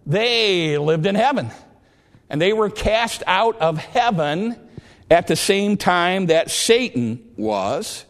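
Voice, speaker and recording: A man's voice: high-pitched, sing-song, slow pace, long reverb tail. A man preaching a sermon in an earnest, plain way, often repeating and restarting his words.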